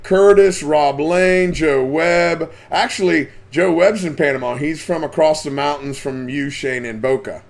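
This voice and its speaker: A man's voice: fairly high pitch, unhurried, few pauses. A man hosting a casual live stream about fishing, chatting and reading out the names of viewers as they join.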